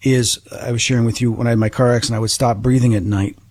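A man's voice: medium pitch, steady tone, fast talker, a little mellow, breathy edge, no echo. A male host chatting casually and telling his own experience with animation. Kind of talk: casual interview chat.

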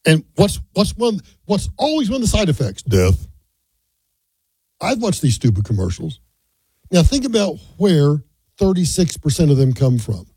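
Animated older male talk radio host. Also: a little high, slightly rough, no echo, low-quality recording. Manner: folksy, opinionated, animated.

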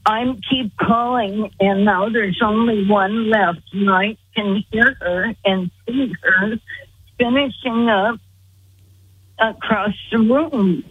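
A woman speaks slowly and earnestly, her voice very husky and breathy. She comes through a thin, tinny phone line with no room sound around her. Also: medium pitch. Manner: slow, earnest storytelling. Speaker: guest. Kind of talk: telling a personal story. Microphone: phone call.

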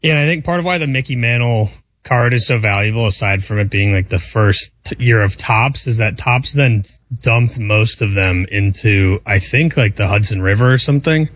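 A man's voice: on the low side, normal speed, dry recording. Radio sidekick, man, easygoing wry banter, dry close mic. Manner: relaxed, wry, chuckling asides. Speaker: radio show co-host. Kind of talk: casual studio banter.

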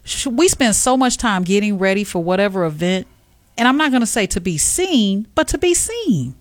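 A woman co-hosting a casual talk show, telling a story with lively acted-out quotes. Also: mid-range voice, moderate pace, no echo. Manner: animated storyteller, acts out quotes. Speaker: co-host. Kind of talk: casual chat.

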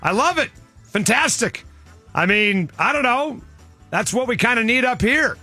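A man's voice: very high-pitched, animated, moderate pace, bright, forceful tone, soft background music. A man hosting sports talk radio, needling his co-host and ranting emphatically.

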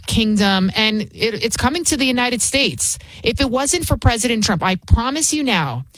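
A woman's voice: fairly high pitch, animated, normal speed, fairly bright tone, no room sound. Emphatic woman host on a dry mic. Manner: emphatic, repetitive, sarcastic. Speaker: talk show host. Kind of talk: political commentary monologue.

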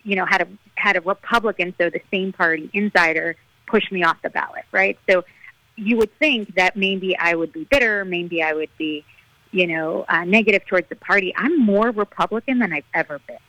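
A woman political candidate speaking as a radio interview guest, energetic, earnest and rallying. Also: mid-range voice, brisk, no echo, low-quality recording.

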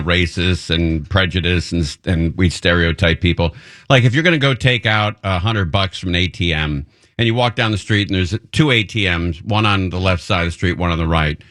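A man's voice: deep voice, normal speed, fairly bright tone. A man hosting a radio show, chatting casually and teasing his guest in chummy banter. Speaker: radio host.

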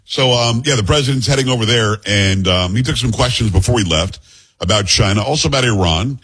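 Husky-voiced male talk radio host. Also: mid-range voice, a little fast, fairly bright tone. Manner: chatty, opinionated, joking asides to the producer. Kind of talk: casual talk radio monologue.

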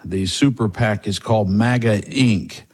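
Husky, slow-talking male political host. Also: fairly low pitch, a little mellow. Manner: combative and sarcastic. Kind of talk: opinionated political commentary.

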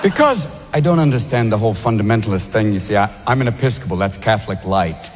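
A man doing stand-up comedy, swinging between deep mock-solemn voices and high excited yelps. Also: fast, long reverb tail, soft background music. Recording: live club recording with audience noise.

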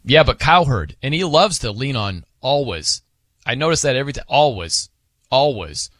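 Lively, bright-voiced male radio host. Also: medium pitch, fairly quick, dry recording. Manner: lively, laughing, tells anecdotes. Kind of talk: casual on-air banter. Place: radio studio.

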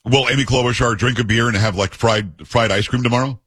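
A man's voice: medium pitch, steady tone, a little fast, a bit bright, slightly rough, no echo. A man hosting a political talk show, asking brash, incredulous questions. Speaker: show host.

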